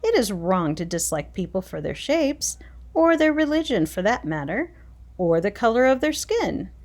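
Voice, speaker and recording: A woman voicing a calm, kindly mother in a storybook, gentle but firm. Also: mid-range voice, moderate pace, natural voice.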